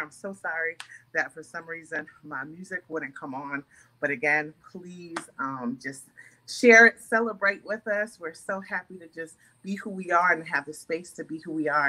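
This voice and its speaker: A woman's voice: low voice, fairly even intonation, normal speed, sharp tone, a little hiss or hum. A woman who is the musical guest, talking casually and apologetically to a livestream audience, with laughter between lines.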